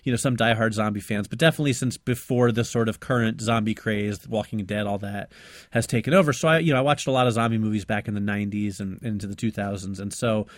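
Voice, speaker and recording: A man's voice: fairly low pitch, fairly even intonation, fast, no echo. Enthusiastic man recapping a movie, dry sound. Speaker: podcast co-host. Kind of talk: casual movie podcast chat and recap.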